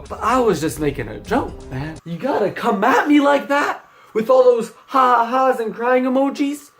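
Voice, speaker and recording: Young male commentary host, high voice, sarcastic and foul-mouthed, faint music bed. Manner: sarcastic, profane, mocking impressions. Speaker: commentary YouTuber. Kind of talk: YouTube drama commentary.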